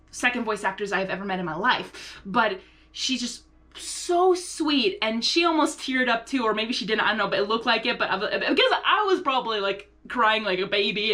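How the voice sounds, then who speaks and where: Excitable young woman, gushing story. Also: on the high side. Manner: excitable, gushing, lots of fillers. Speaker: vlogger. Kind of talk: casual storytelling.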